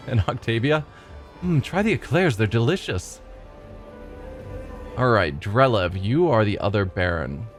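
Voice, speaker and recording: A man's voice: lowish voice, very animated, unhurried, pauses often, soft background music. A man hosting a let's play, reading the game's dialogue aloud and adding dry asides of his own. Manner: reads lines aloud, slips and restarts, dry asides.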